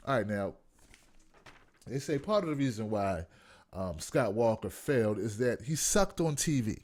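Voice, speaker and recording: A man from Washington, D.C., hosting a live call-in commentary show, reading viewer comments and ranting bluntly with lots of profanity. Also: fairly high pitch. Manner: profane, blunt, mocking, no filter; reads viewer comments aloud. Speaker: host.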